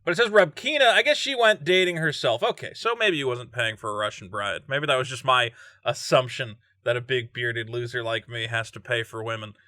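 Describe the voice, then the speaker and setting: A man's voice: medium pitch, brisk, pushed and bright, no echo, studio quality. A man reading and joking through a true-crime story as a vlogger, laughing often and breaking off into asides. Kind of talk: casual true-crime commentary.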